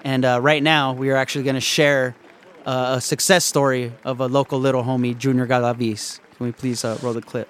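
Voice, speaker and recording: A man's voice: medium pitch, little pitch movement, a little fast, over music. A man hosting a mock telethon, earnest and peppered with "uh.". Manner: earnest, with frequent "uh". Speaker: host.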